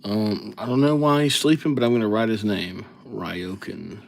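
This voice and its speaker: In a low-ish, creaky voice at a moderate pace, this livestream calligraphy host thinks aloud while writing, rambling easily between names. His manner stays casual and chatty throughout.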